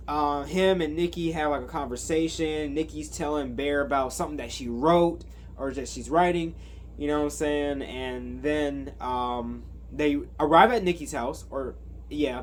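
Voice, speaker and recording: Male reviewer, unhurried, rambling and filler-heavy, slightly high voice. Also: a little hiss or hum. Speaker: movie reviewer. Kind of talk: casual movie recap.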